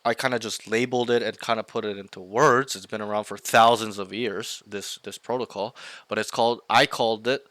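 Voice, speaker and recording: A young man with a crisp, bright voice coaches a student over voice chat. He rambles, restarts and stresses key words, dropping casual swears. The sound is close and dry, with no room around it. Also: fairly low pitch, steady tone, brisk, no room sound. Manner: rambling, emphatic, swears casually, acts out callouts.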